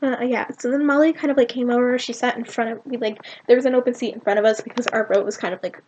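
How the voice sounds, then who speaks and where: Woman vlogger from Virginia, fairly high voice, excitable and rambling, filler-heavy storytime delivery. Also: fast, very noisy. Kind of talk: storytime vlog.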